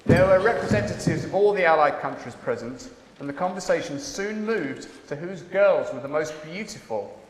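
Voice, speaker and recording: An English man narrating a community stage musical in a measured storytelling way. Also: fairly high pitch, lively intonation. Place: large echoey hall stage. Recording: echoey hall from far off, noisy.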